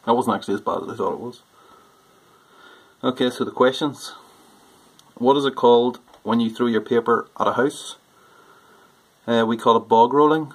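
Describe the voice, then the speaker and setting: A man with a Northern Irish accent chatting casually through an accent challenge on his vlog, self-deprecating and loud on stressed words. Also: medium pitch, moderate pace, pauses often, slightly rough, poor audio. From Northern Ireland. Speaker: homebrewing YouTuber.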